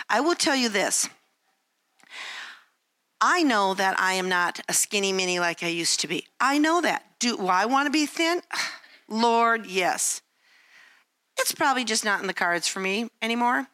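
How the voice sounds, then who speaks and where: Bright-voiced older woman sharing stories. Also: on the high side, lively intonation, measured pace. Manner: candid, self-deprecating storytelling with acted-out quotes. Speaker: Christian speaker. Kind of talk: personal devotional talk.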